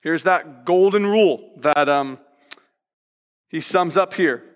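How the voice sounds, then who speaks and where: A male pastor preaching a sermon in a lively, conversational way, hammering points home with playful repetition. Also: a little high, slow, clear, resonant tone, in a large hall.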